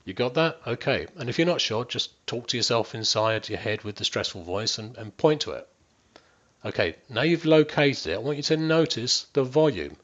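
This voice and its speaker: A man's voice: mid-range voice, sing-song, fairly bright tone, lo-fi sound. Man coaching a stress-relief exercise. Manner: instructive, addressing listeners directly, checking in often; drops to near-whispers and slows down to demonstrate. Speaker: wellbeing coach. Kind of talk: guided stress-management exercise.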